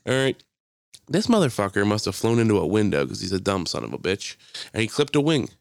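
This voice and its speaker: A man's voice: fairly low pitch, fairly quick, creaky, no echo. Guy rambling thru funny stories, voice jumps all over, cusses constantly, dry close sound. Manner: animated storyteller, swears a lot, acts out quotes. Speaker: podcast co-host. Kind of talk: casual chat. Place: indoor room.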